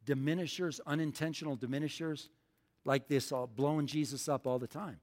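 A man's voice: a little high, steady tone, fairly quick, darkish tone. A man preaching a sermon as pastor, emphatic, repeating lines for the congregation to say back. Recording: long hall reverb.

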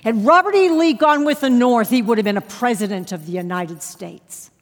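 A woman Bible teacher giving a sermon, telling a personal story with emphatic, sudden loud rises. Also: a little high, normal speed, long reverb tail.

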